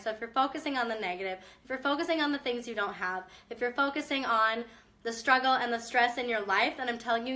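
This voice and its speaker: A woman's voice: a little high, pushed and bright. A young woman, a mom with a chest cough, giving casual, upbeat motivational talk to her viewers with direct encouragement. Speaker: mom vlogger.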